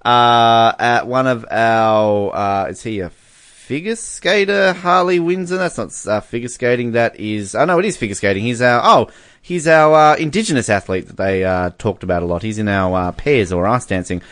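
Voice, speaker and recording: A man's voice: medium pitch, normal speed, a bit bright, dry recording, clean studio sound. A man, co-hosting a casual chat and reading out fan messages with amusement, laughing often. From Australia. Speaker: podcast co-host.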